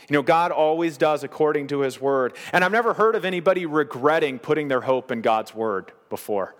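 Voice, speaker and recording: A man preaching a sermon as pastor, earnest, slowing down on the key phrases. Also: fairly high pitch, animated, big-room sound.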